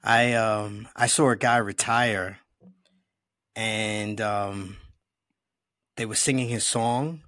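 A man with a somewhat low voice, talking in a casual, conversational way with frequent hesitations. He is recorded close to a dry microphone. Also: fairly even intonation, slow pace, pauses often, fairly bright tone, no room sound. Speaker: podcast host. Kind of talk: casual interview chat.

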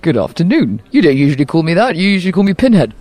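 A woman with a posh English accent hosts a podcast outdoors at a tennis venue, teasing her guest in a casual on-site chat interview. Her voice is fairly low and rapid-fire, and her manner playful, teasing, and animated.

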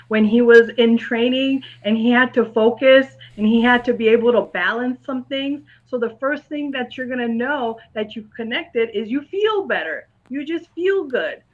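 Calm and patient, a woman guest who is a school psychologist and clairvoyant answers interview questions, putting ideas in simple words for a young listener. Her voice is fairly high, and the recording sounds dull and lo-fi.

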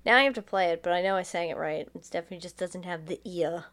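A woman's voice: on the low side, fast talker, no room sound. Giggly woman retelling a movie, dry sound. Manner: animated, giggly storyteller, swears casually. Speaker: podcast co-host retelling a movie plot. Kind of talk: casual chat.

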